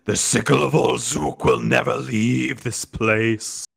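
A man's voice: medium pitch, fairly even intonation, a bit bright, exaggerated voice. A man voicing a menacing male ghost that possesses a body and guards a cursed sickle, speaking in solemn, threatening pronouncements. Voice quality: gravelly, slow and looming. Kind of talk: game master voicing a creature.

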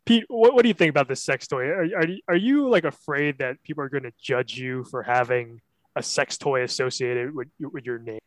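A man's voice: medium pitch, fairly quick, no echo, low-quality recording. A man co-hosting a podcast, joking and asking playful questions, often laughing and restarting. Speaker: podcast co-host. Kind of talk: casual interview-style banter.

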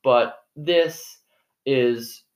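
A man's voice: mid-range voice, drawn-out words. A man co-hosting a casual podcast, rambling and often correcting himself mid-sentence. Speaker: podcast co-host. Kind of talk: casual chat.

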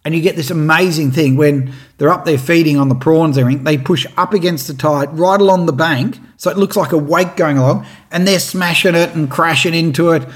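Animated Australian fisherman telling a story. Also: on the high side, fairly quick, few pauses. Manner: animated, acts out what others said. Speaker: fishing presenter. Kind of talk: casual storytelling and fishing tips.

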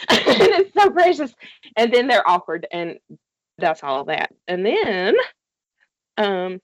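A woman's voice: a little high, no echo. A woman casually recapping a TV series with a co-host, telling it animatedly, swearing freely and laughing often. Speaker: podcast co-host.

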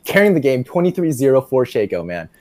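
A man's voice: mid-range voice, very animated, fairly quick, a little mellow. Young man rambling through a story. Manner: rambling, full of "like", laughs often. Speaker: podcast guest. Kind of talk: casual storytelling chat.

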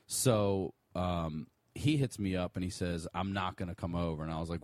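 Low-voiced profane man telling a story. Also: normal speed, no echo. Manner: profane, animated storyteller who laughs often. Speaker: podcast guest, comedian. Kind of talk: casual storytelling chat.

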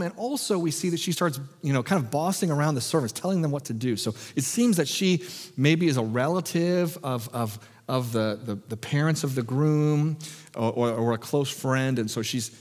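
An American man preaches in a relaxed, conversational way, cracking small jokes and restarting phrases as he goes. His pitch sits in a middle range for a man. The sermon echoes with a long reverb through a church sanctuary. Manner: conversational, jokey, frequent restarts. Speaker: pastor.

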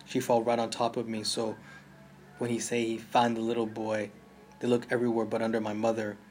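A man's voice: on the low side, completely flat delivery, a little fast, darkish tone, a little hiss or hum. A man with a Jamaican accent narrating a story in first person, intense and vivid, voicing the sounds of gunfire. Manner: intense, mimics gunshot sounds. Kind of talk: audiobook narration.

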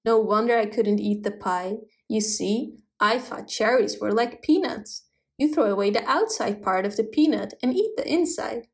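A woman's voice: on the high side, normal speed, natural voice. A woman voicing a fussy male hedgehog in a storybook reading, plaintive about his pie. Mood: amused. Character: fretful male hedgehog, fond of cherry pie.

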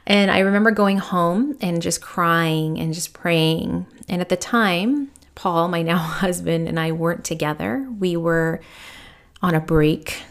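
A woman's voice: on the low side, unhurried. A woman in her thirties, a podcast host and spiritual medium, telling a personal story in a candid, reflective way with many fillers. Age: 30s.

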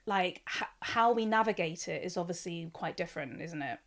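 A woman's voice: fairly low pitch, lively intonation, moderate pace. Woman podcast host, friendly, earnest interviewer. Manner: earnest, friendly questioning with soft fillers. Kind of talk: scripted intro then casual interview chat.

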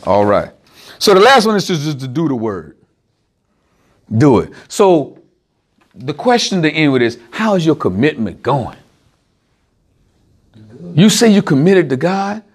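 A man preaching an informal, conversational sermon to a small group, animated and speaking straight to his listeners with everyday examples. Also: on the high side, measured pace, pauses often, breathy edge.

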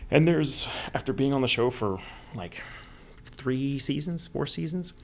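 A man's voice: medium pitch, animated, a little slow, slight background noise. A man from the United States, a voice actor guest, chatting candidly in a rambling interview and swearing freely. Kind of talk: casual interview chat.

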